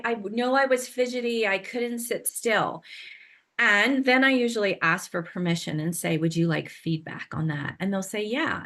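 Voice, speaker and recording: A woman sound healer, a guest on a podcast, calmly explaining her work and often checking in with "right?". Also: mid-range voice. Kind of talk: interview conversation.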